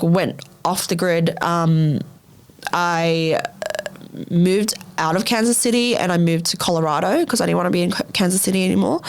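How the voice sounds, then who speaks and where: A young woman with a fairly low voice tells a personal story on her own podcast in a casual, candid way. She swears freely and fills her sentences with "like". Her pitch leaps up whenever she acts out how she reacted. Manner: blunt and heavy on swearing, with frequent "like" fillers; jumps up sharply in pitch when voicing her own past reactions. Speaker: podcast host.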